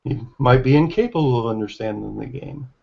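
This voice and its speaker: A man who is losing his voice, talking in a halting way with many fillers and restarts in a casual online group discussion. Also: mid-range voice, vocal fry. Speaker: regular hangout participant. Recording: dull lo-fi call audio.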